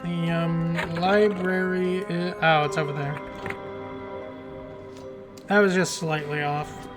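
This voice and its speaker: A man's voice: on the high side, level tone, slow. A man streaming a game, chatting casually and joking at his own expense. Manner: chatty, self-deprecating. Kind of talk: casual let's-play commentary. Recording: game music playing behind.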